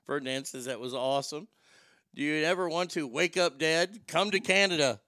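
A man hosts a comedy podcast, launching into an improvised rant that's crude, rambling, and self-mocking. His voice is fairly high and sharp at a moderate pace, recorded in studio quality with no echo.

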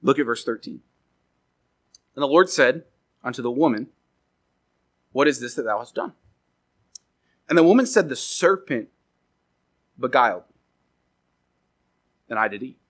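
A man preaching a sermon, animated and acting out quoted voices as he goes. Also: medium pitch, measured pace, pauses often, low-quality recording. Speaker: pastor.

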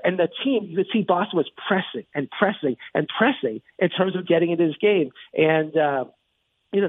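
A man hosting a sports talk show, recapping a game in a rambling, excited monologue full of restarts and asides. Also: high voice, breathy edge, no echo. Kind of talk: casual sports commentary monologue. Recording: tinny phone-like radio line.

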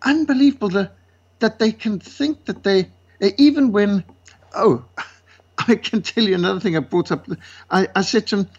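A man from South Africa with a South African accent, a guest speaker telling lively stories and acting out the voices of the people in them. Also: sits high, moderate pace, slightly rough. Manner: lively, acts out quoted voices. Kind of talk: animated storytelling. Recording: dull lo-fi sound.

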